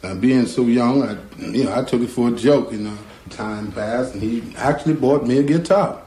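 A man, a guitarist telling a story from his childhood in a lively way and acting out the voices of people in it. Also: medium pitch, moderate pace, slight background noise. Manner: lively storyteller who acts out quoted voices. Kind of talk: spoken storytelling. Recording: roomy with faint guitar behind.

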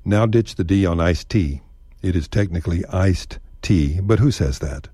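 Deep-voiced Texan man, folksy. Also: moderate pace, warm tone, breathy edge, no echo, studio quality. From Texas. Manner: folksy, drawling, wry. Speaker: radio storyteller. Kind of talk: scripted narration.

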